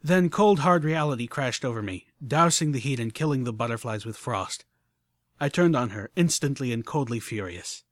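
Lively male audiobook narrator. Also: medium pitch, normal speed, no echo. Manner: animated first-person storytelling.

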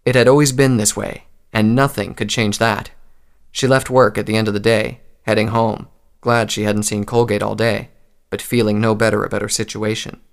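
A man reading a story aloud in a calm, measured narration. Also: fairly low pitch, vocal fry, clean tone.

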